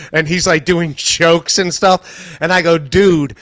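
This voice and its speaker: Guy on a podcast mic, higher voice, tells stories and does the voices, dead dry sound. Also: steady tone, unhurried, hardly any pauses, fairly bright tone, no room sound. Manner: storyteller who acts out quoted lines. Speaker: comedian guest. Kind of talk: casual podcast chat.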